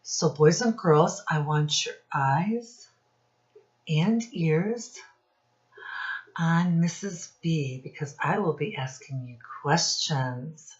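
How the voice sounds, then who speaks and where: A woman teacher reading a picture book aloud to young children, asking them questions in a slow, sing-song teacherly way. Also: low voice, highs cut off.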